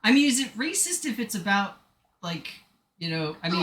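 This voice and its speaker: A man chatting on a live gaming stream, rambling and poking fun at himself between jokes. His voice is bright and forward, and the room adds a noticeable echo with a faint hiss underneath. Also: high voice, sing-song, normal speed. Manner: rambling, self-deprecating, joking asides. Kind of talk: casual live-stream chatter while playing.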